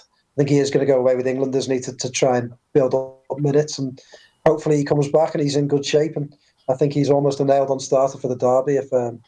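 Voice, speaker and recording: A man's voice: mid-range voice, warm tone, rough recording. A man discussing football on a podcast, emphatic and repetitive, full of "I think" and "you know". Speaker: football pundit. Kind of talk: casual podcast chat.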